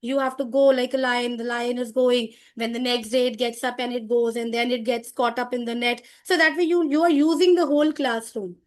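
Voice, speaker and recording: A middle-aged woman, giving a lively teacher training lecture on storytelling, with frequent restarts. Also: on the high side, fairly quick, hardly any pauses. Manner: animated, demonstrative, loose restarts.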